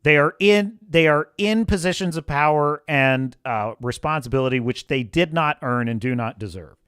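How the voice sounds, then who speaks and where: A man's voice: fairly high pitch, normal speed, a bit bright, clean tone, no echo, studio quality. A man hosting a live stream, ranting bluntly and sarcastically. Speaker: livestream host.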